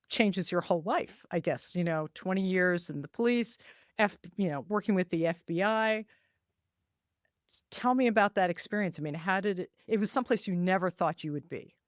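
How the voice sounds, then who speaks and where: A woman's voice: mid-range voice, moderate pace, no room sound, clean studio sound. A woman hosting a podcast interview, chatting and prompting her guest with questions. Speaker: podcast host.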